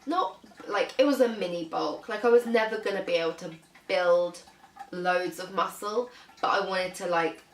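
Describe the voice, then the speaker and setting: A woman's voice: fairly low pitch, normal speed, roomy sound, far from the mic, slight background noise, low-quality recording. A young British woman vlogging casually about her fitness, chatty, with lots of "um" and "like". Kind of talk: casual vlog talk.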